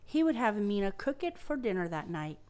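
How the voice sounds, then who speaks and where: Lady co-host reading a spooky story, steady even voice. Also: medium pitch, a little fast. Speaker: podcast co-host. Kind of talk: storytelling read-aloud.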